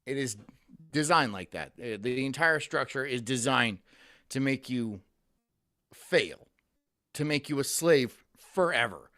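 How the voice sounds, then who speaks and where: A man's voice: mid-range voice, animated, measured pace, pauses often, pushed and bright. A man streaming, ranting profanely and reading chat messages aloud in casual commentary.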